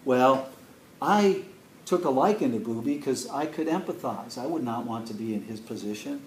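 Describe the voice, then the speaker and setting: A man from Chicago telling an animated story and coaxing a live class to join in as a motivational speaker. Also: medium pitch, moderate pace, a little hiss or hum. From Chicago, USA. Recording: roomy sound from a distant mic.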